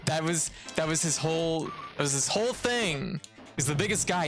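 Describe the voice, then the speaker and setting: A livestreamer from Canada rants about a game in a gravelly voice, swearing freely and sounding exasperated. The tone stays casual and talkative, like running commentary on a home stream. Game music plays clearly underneath. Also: mid-range voice, lively intonation, brisk. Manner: profane, exasperated ranting with frequent laughs. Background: video game music.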